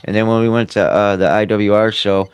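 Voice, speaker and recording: A man with a low, smooth, resonant voice tells a fan story with loose enthusiasm, peppering it with "uh" and "man". The sound is close and dry, with little room. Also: steady tone, brisk, dry recording. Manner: enthusiastic, filler-heavy. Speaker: podcast co-host. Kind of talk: casual chat.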